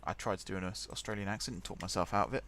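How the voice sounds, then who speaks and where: A man's voice: sits low, steady tone, rapid-fire, a bit bright, slight background noise. A young man hosting a game let's play, rambling chattily and thinking aloud as he types. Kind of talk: casual gameplay commentary.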